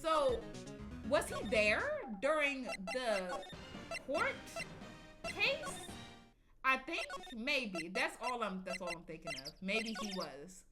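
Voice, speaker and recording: A woman's voice: on the high side, sing-song, slow. A woman streaming gameplay, cursing casually as she reacts and reads the dialogue aloud, with game music behind.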